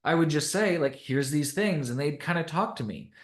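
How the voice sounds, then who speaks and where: A young man from Canada, a podcast guest, telling a personal story in a casual, animated way and laughing often. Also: fairly high pitch, moderate pace, reverberant.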